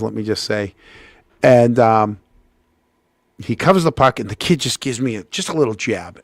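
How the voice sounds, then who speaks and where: Gravelly man telling a lively story. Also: dry recording, studio quality. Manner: animated, acts out quotes with big pitch jumps, frequent restarts. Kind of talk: casual anecdote telling.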